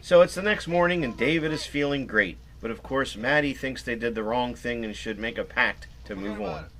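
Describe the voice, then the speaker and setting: A man's voice: mid-range voice, moderate pace, a bit bright, a little hiss or hum, rough recording. A man narrating a fan documentary in a scripted but chatty way.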